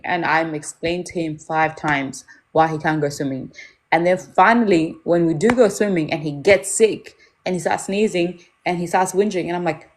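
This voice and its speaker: Young woman, fairly low voice, candid storyteller, casual parenting chat. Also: normal speed, slight background noise. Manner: candid, storytelling, acts out quotes. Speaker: mother talking about parenting.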